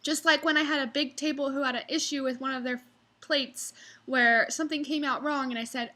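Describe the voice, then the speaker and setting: Young woman server venting to camera, bright voice, mocking impressions of diners. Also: high voice, fairly even intonation, fairly quick. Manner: ranting, mocking customers in exaggerated voices. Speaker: restaurant server. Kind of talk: casual storytelling vlog.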